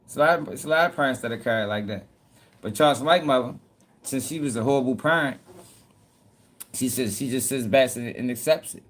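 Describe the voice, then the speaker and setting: A man's voice: medium pitch, brisk. Blunt, slangy male host. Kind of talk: casual news commentary.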